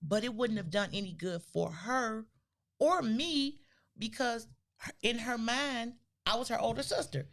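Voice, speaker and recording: An older woman co-hosting a podcast, telling family stories in a casual, animated way and acting out the quotes. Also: fairly high pitch, unhurried. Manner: animated storyteller who acts out quotes. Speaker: podcast co-host. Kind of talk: casual storytelling conversation.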